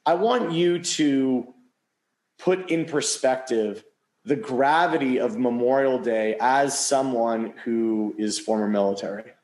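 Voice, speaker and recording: A man's voice: medium pitch, takes it slowly, a little mellow, reverberant, low-quality recording. A man hosting an interview, asking earnest questions with admiration. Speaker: interview host. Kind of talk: casual interview.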